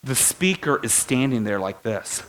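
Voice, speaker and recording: Bright-voiced man preaching a story. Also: mid-range voice, unhurried. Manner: animated storytelling, laughs at himself. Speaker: pastor. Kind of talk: sermon with personal story.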